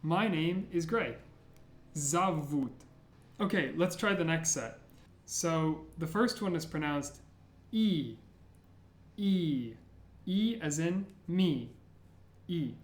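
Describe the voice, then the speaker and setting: A man teaching the letters of an alphabet as a language teacher, slowly repeating each sound clearly for beginners. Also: fairly high pitch, expressive, roomy sound. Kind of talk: slow, careful alphabet lesson.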